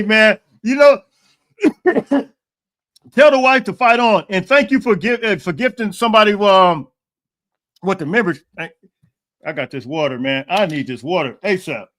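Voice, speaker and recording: High-voiced man hosting a live chat. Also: fairly bright tone. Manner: restarts and repeats words, reads out viewer comments; frequent throat clearing and coughs. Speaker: podcast host. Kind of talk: casual live-stream chat.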